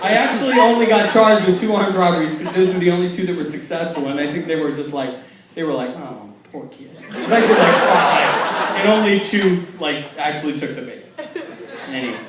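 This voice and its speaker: A young man doing stand-up, telling self-mocking stories and acting out quick quotes. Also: high-pitched, over a noisy crowd. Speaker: stand-up comedian. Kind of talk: stand-up comedy. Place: large hall with a laughing audience. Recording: echoey hall taped from far off.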